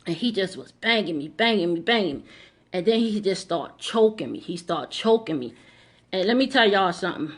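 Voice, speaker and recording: A woman's voice: mid-range voice, expressive, normal speed, husky. A middle-aged woman telling a personal story to camera in an emphatic way, repeating lines and speaking straight to her audience. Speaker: vlogger.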